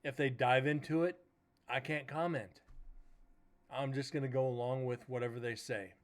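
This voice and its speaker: A man's voice: mid-range voice, fairly even intonation, moderate pace. A man hosting a paranormal livestream, casually telling a rambling story, swearing now and then and retelling conversations as quoted dialogue. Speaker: paranormal show host.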